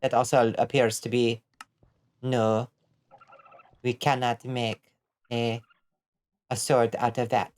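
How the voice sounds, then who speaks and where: A woman's voice: a bass voice, flat delivery, slow pace, long pauses, a little mellow. An American woman streaming a game, giving casual commentary as she thinks aloud, bemused and swearing freely. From United States. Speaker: vtuber streamer.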